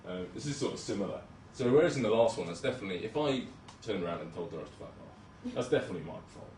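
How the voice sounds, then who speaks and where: A young man with a low voice talks casually and self-deprecatingly about his work, with plenty of ums and restarts. He is heard from some distance, in an echoey hall with a little room noise behind him. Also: expressive, very fast, darkish tone. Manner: chatty, self-deprecating, hesitant with many ums. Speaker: junior doctor giving a talk. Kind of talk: casual presentation with slides. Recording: roomy hall, speaker far from mic.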